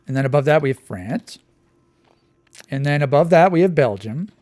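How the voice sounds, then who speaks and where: A man's voice: fairly high pitch, expressive, normal speed, darkish tone, no room sound. A man giving casual, digressive commentary while playing a map quiz, thinking aloud as he goes. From Canada. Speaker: quiz channel host.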